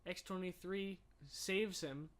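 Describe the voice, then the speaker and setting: This man has a bright, sharp tone that sits a bit high for a man. He co-hosts a casual podcast and recaps films with plenty of emotion, getting animated as he goes. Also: takes it slowly. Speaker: podcast co-host. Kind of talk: casual movie chat.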